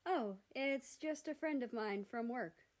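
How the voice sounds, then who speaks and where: A woman's voice: a little high, a little slow, pitched above the performer's own voice, close to an everyday voice. Woman voicing a playful young actor.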